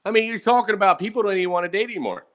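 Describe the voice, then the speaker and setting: A man's voice: high voice, animated, very fast, a bit bright. A man in his thirties hosting a casual podcast chat, ranting and swearing while talking straight to the audience. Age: 30s. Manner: profane, ranting, talks to the audience. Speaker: podcast host. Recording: dull lo-fi audio.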